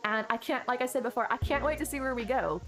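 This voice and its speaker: A woman's voice: a little high, quick pace, fairly bright tone. A woman streamer chatting casually on a live stream, thanking viewers effusively and rambling with lots of restarts. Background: background music.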